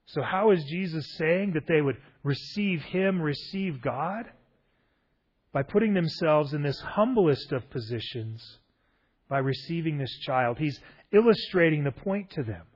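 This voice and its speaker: A man with a somewhat high, husky voice preaching in a relaxed, conversational way. He retells a gospel scene, stopping often for rhetorical questions. The sound is a little dull and lo-fi. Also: unhurried. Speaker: pastor. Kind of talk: sermon.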